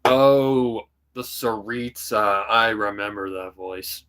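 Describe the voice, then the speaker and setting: A young man streaming, chatting casually and rambling about voicing characters, often breaking into quick voice demos. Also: lowish voice, fairly bright tone, clear, resonant tone. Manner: rambling, full of "kinda" and "like", jumps into voice demos. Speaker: streamer and hobby voice actor. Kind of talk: casual livestream chat.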